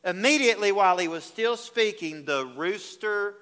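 A male pastor delivering an evening sermon, his voice high and bright as it carries through a church. He swings from hushed, slow lines to loud, urgent ones and acts out the scripture quotes, all wrapped in long hall reverb. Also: expressive, clean tone.

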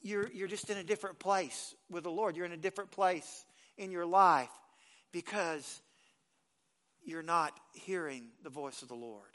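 Bright high-voiced man preaching. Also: moderate pace. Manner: folksy, conversational preaching with repeated restarts. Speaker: pastor. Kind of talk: sermon.

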